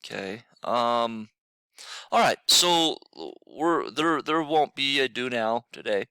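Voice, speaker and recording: A man's voice: mid-range voice, animated, slow, sharp tone, clean tone, dry recording. Tired man teaching a class. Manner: casual, repeats himself, many fillers. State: tired, yawning. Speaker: middle school teacher. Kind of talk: recorded class lesson.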